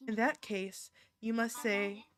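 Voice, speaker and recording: Gentle formal mother, read by a woman. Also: on the high side, steady tone. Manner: measured, formal and soothing.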